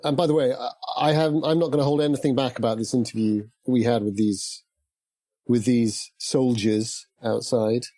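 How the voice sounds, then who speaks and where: Husky-voiced man playing a tabletop character. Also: medium pitch, little pitch movement, fast, few pauses, warm tone, no room sound. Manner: rambling, playful, laughs often. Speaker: player.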